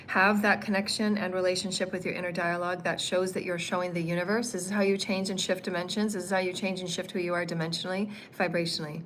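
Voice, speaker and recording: In a flat, slightly bright, fairly low voice, a woman offers spiritual teaching on a livestream with a faint hum behind her. She rambles and repeats herself, using lots of ums whenever she pauses.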